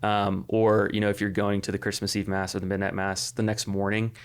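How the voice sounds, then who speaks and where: A man's voice: fairly low pitch, little pitch movement, brisk, smooth. A man in his thirties co-hosting a podcast, talking casually with lots of fillers and restarts. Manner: rambling, many fillers and restarts. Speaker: podcast co-host. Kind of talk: casual chat.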